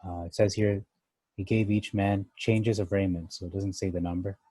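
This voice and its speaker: Guy going verse by verse thru the bible, thinks out loud, lots of restarts, kinda deep voice. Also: fairly even intonation, moderate pace, breathy edge, dry recording. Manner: thinks aloud, rereads and explains verses, many restarts. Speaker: Bible teacher. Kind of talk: casual Bible study commentary.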